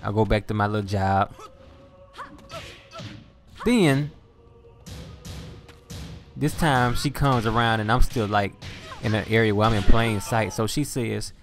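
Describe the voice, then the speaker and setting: A man's voice: on the low side, a little slow, long pauses, faint music behind. A man from Louisiana with a Southern US accent, telling stories in a laid-back, profane way. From Louisiana, Southern United States. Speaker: gaming video host. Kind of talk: casual storytelling over gameplay.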